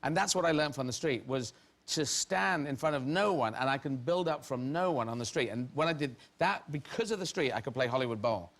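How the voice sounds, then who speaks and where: A man's voice: mid-range voice, animated, a little fast, a bit bright. A middle-aged man from England, a comedian guest on a talk show, telling rambling stories that he often breaks off and laughs through. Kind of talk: anecdotal talk show storytelling.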